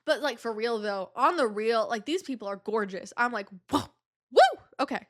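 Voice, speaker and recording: A woman with a fairly high voice and a stuffy nose hosts her own podcast. She talks in loose, casual chat, drifting off topic and leaning on "like" constantly. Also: normal speed, fairly bright tone. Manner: rambling, digressive, heavy use of "like". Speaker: podcast host.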